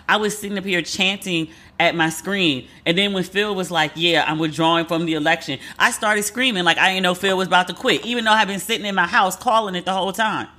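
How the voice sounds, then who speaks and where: Woman, 40s, solo podcast host, animated and chatty, acts out quotes. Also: lowish voice, brisk, hardly any pauses. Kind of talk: casual solo commentary.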